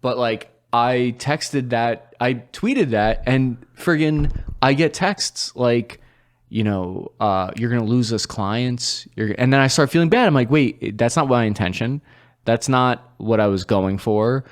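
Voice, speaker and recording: A man's voice: medium pitch, measured pace. Male podcast guest with a mid-range voice, candid and self-deprecating. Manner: candid, self-conscious, laughs at himself. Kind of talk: casual podcast chat.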